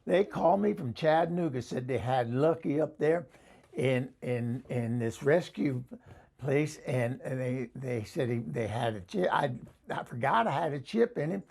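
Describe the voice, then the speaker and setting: Man in drag voice as a middle-aged Southern hillbilly woman, husky, overexcited comic vlogger. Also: medium pitch, lively intonation, unhurried, darkish tone, heavily acted. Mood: chatty. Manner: gushing, rambling, laughs a lot. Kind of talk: comic character vlog.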